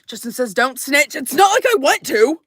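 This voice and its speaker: A woman telling a story to her live audience in a casual, animated way, swearing and acting out the voices in it. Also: sits high, brisk, dry recording, clean studio sound.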